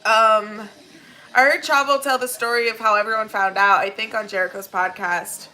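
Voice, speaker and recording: A woman's voice: mid-range voice, fairly even intonation, moderate pace, sharp tone, soft background music. A woman hosting a watchalong, reacting emotionally, swearing and laughing as she answers chat. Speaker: watchalong host.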